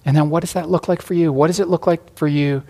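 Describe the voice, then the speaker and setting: A male pastor closing a sermon with a gentle, inviting call and a prayer, often restarting his phrases. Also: on the high side, steady tone, fast talker, vocal fry.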